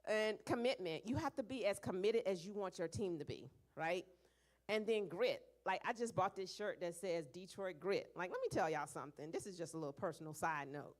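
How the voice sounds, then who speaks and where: A young woman speaking at a church leadership meeting, lively and animated, acting out little voices in her stories. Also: fairly low pitch, normal speed.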